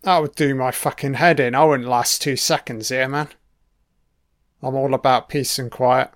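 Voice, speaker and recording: A man's voice: mid-range voice, steady tone, moderate pace. A man giving a casual running commentary on a film. He swears constantly and makes wry, offhand remarks.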